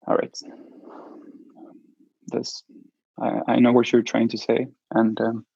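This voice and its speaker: A man in an interview telling a personal story, halting and restarting often as he speaks. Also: medium pitch, monotone, creaky, mellow, slightly rough, no room sound, highs cut off. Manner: halting, with many restarts and fillers. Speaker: interview guest.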